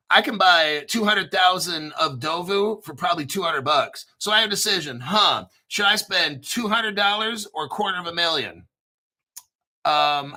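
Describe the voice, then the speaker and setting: Male streamer, fairly high and very bright voice, loose profane rambling delivery. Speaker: crypto YouTube host. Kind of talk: casual livestream chat.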